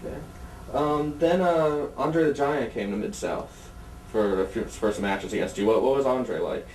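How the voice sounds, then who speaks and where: A man's voice: mid-range voice, animated, normal speed, darkish tone. A male interviewer asking plain, brief questions. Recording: roomy, distant mic, faint noise.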